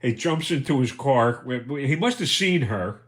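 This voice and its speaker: A man's voice: medium pitch, expressive, a little slow. Male streamer, casual storytelling, foul-mouthed and rambling, mid-range voice. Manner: profane, rambling, chuckling through anecdotes. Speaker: livestream host.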